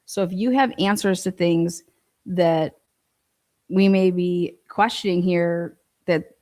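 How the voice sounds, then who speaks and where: A woman's voice: on the low side, slow, darkish tone. A woman hosting a casual livestream, reading viewer comments and talking bluntly with frequent swearing. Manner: blunt, profane, fired up. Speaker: livestream host.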